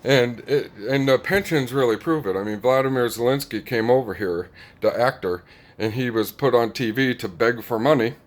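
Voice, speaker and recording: A man with an average-pitched voice rambles through a casual solo monologue. He chuckles often, restarts sentences, and leans on "like" and "um" as he goes. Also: moderate pace. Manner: rambling, chuckling, many fillers. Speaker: commentator.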